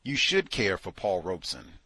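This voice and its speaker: Male host, book club commentary, husky and lively, incredulous and sarcastic. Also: sits low, normal speed, no room sound. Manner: animated, incredulous, sarcastic asides. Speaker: podcast host.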